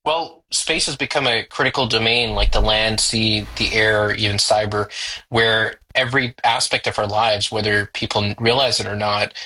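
Low, husky man explaining steadily. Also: steady tone, moderate pace, sharp tone, poor audio. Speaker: guest, space company leader. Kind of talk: interview answer.

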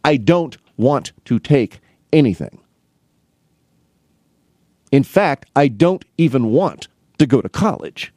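A man's voice: medium pitch, sing-song, slow pace, pauses often, a little mellow, no room sound, studio quality. A middle-aged man from the Midwest United States, an academic advisor, tells rambling anecdotes in a casual monologue and acts out both sides of the conversations.

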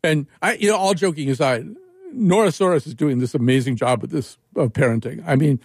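A man's voice: fairly high pitch, fairly quick, a little mellow, husky, no room sound, clean studio sound. A man hosting a radio talk show, rambling and joking, with frequent restarts. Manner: rambling, self-interrupting, jokey. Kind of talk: casual radio chat.

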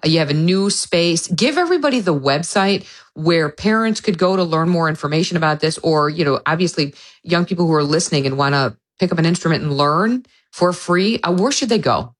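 Low-voiced woman interviewer. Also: animated, fairly quick. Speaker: radio interviewer. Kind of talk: radio interview.

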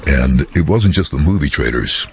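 A man who works as a voice-over artist, telling lively stories in an interview and slipping into quick impressions. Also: a bass voice. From London. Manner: lively anecdotal, slips into impressions. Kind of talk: interview storytelling.

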